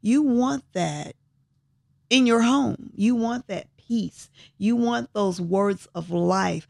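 A woman's voice: medium pitch, takes it slowly, gravelly, no room sound, clean studio sound. A woman co-hosting a devotional talk, encouraging and affirming as she urges listeners to read scripture. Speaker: co-host.

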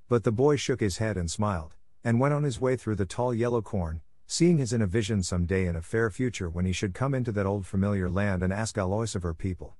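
A man narrates a classic novel in a measured, gentle reading. His voice sits low. The recording is dry and close, with no room sound. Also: no room sound. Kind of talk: scripted storybook narration.

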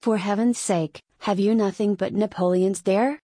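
A woman's voice: medium pitch, steady tone, moderate pace, mellow, no room sound, studio quality, lightly acted. Woman reading as a breezy young cavalry officer. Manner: offhand, teasing.

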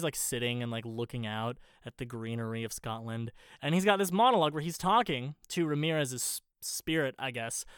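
A man casually recapping a movie, animated and swearing a lot, acting out the characters' lines as he goes. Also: mid-range voice, clean tone, no echo, studio quality.

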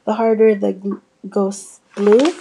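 A woman reading a children's ghost storybook aloud, voicing the kids' lines with a lively lift. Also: mid-range voice, slow, noisy background. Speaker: audiobook reader. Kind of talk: storybook narration.

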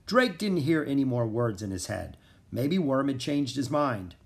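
A man reads a children's storybook aloud with a lively, swinging delivery. His voice sits at a middle pitch and he leans into the drama of each scene. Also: measured pace, gravelly. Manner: expressive, dramatic reading. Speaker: audiobook narrator. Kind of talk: storybook narration.

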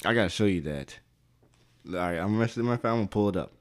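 A man's voice: on the low side, fast talker. A man co-hosting a podcast, chatting casually and joking, acting out funny bits as he tells stories. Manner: joking, storytelling with acted-out impressions. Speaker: podcast co-host. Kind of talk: casual chat.

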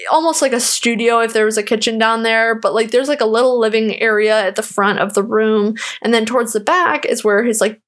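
Brief young woman host, slightly high voice, casual rambling storyteller, lots of filler words and cursing. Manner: rambling, heavy "like" fillers, profane. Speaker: podcast host.

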